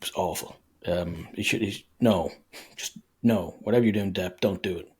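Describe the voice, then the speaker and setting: A man's voice: low voice, normal speed, a little mellow, slightly rough. A man co-hosting a podcast, ranting about a film in casual chat with exasperated sarcasm. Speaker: podcast co-host.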